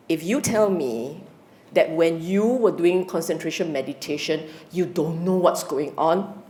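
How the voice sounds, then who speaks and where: A woman's voice: fairly low pitch, darkish tone. A woman giving a meditation Dharma talk, questioning her listeners and acting out inner voices. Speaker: Buddhist meditation teacher.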